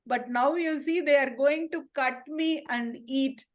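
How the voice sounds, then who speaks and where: A scared little duckling wails over his mistake, as a woman puts him on for a storytelling, in a high, slow, regretful voice. The voice is soft and small.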